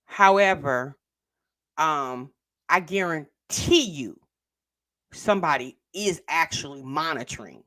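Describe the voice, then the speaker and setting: Brief: sassy woman commentator, bouncy lively pitch, blunt and teasing, reaction-channel host. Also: slow. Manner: sassy, blunt, calls the other woman girl, sis and child.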